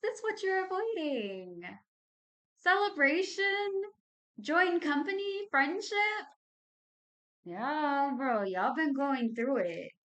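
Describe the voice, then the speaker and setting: A woman's voice: high voice, sing-song, takes it slowly, long pauses, a bit bright. A woman in her thirties with a Southern Texas accent, giving a chatty, slangy tarot reading to her viewers. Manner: chatty and slangy, addresses viewers as babies and y'all. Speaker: tarot card reader. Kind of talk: casual monthly card reading.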